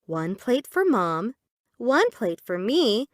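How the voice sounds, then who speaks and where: A woman reading children's stories aloud for English learners in a clear, deliberate, expressive way. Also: a little high, dry recording, studio quality. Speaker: audiobook reader.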